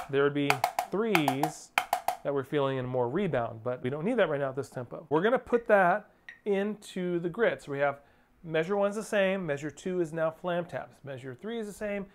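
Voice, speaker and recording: The drum instructor here has a fairly high voice with lively intonation and keeps a moderate pace. He teaches rudiments in plain, patient steps, saying the counts and stickings aloud, and a clear clicking sound is present in the recording.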